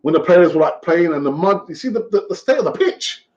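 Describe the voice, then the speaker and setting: A man's voice: sits high, expressive, fairly quick, darkish tone. A man hosting a fan live stream, talking in a rambling, chatty way with fillers and laughs, over lo-fi stream audio. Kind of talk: casual live-stream chat.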